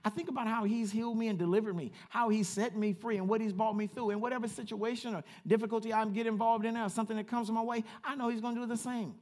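A man preaching a sermon as pastor, swinging from quiet asides to loud repeated calls and chatting with the congregation. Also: high voice, fairly even intonation, quick pace, hardly any pauses. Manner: chatty with the congregation, laughs at himself. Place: church.

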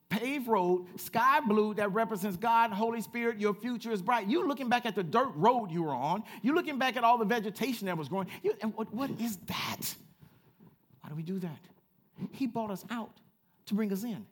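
A man preaching a sermon as pastor, swinging from quiet asides to loud repeated calls and chatting with the congregation. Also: high-pitched, animated, moderate pace. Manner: chatty with the congregation, laughs at himself. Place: church.

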